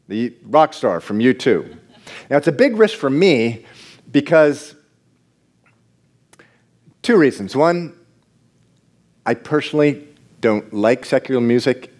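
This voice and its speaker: Animated preacher man, lively pitch. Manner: animated preaching, jumps between hushed and loud. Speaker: pastor. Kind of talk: sermon.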